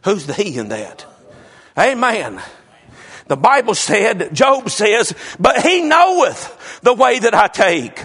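A man preaching a sermon, swinging from shouted fervor to a hushed murmur. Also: high-pitched, very animated, slow pace, husky.

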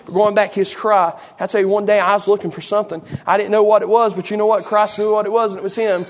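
A male preacher with a high-pitched voice preaches in a folksy, conversational way. He keeps turning to the congregation with quick asides between points. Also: flat delivery. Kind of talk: sermon.

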